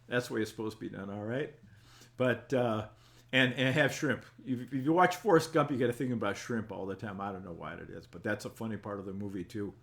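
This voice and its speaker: A man's voice: fairly low pitch, brisk, creaky. Folksy older man chatting with viewers. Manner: folksy, rambling, chuckling. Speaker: talk show host reading live chat. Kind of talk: casual live-stream chat.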